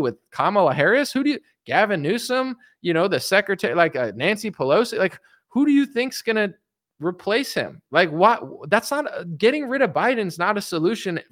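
Rambling, animated man with a higher voice. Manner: rambling, animated, lots of "like" and restarts. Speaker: political commentary host. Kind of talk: casual political rant. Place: home recording setup.

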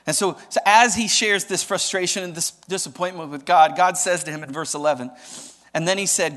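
Bright-voiced preacher in a reverberant hall. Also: male voice, sits high, brisk. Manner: animated, dramatic, often asks the audience questions. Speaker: pastor. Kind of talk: sermon.

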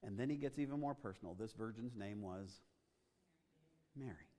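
A man's voice: lowish voice, moderate pace. Man preaching in an echoing hall. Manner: dramatic, rising to loud emphatic passages. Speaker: pastor. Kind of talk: sermon. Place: church auditorium. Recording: long reverb of a large hall.

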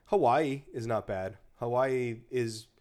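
A man's voice: mid-range voice, takes it slowly, darkish tone. A man co-hosting a casual food and drink podcast, who jokes around and laughs at his own jokes. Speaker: podcast co-host. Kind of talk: casual chat.

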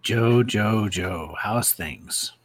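Low slow husky guy playing a tabletop game, few words. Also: no echo. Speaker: player.

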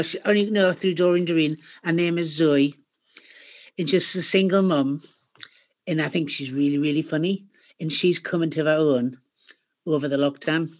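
A middle-aged woman with a Geordie accent, a podcast guest telling stories in a chatty, animated way. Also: low-pitched, normal speed, long pauses. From Northeast England. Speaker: guest, company founder. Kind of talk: podcast interview.

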